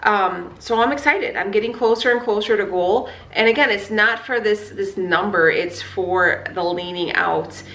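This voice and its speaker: A woman's voice: mid-range voice, moderate pace, few pauses, a bit bright, echoey room. A woman in her thirties chatting candidly as a vlogger, fired up, with lots of fillers and swearing. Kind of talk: casual chat.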